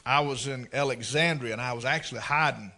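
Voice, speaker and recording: A man's voice: medium pitch, fairly quick. A man preaching a sermon, telling folksy stories and acting out the scenes. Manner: folksy, animated storyteller who acts out scenes. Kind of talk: storytelling sermon.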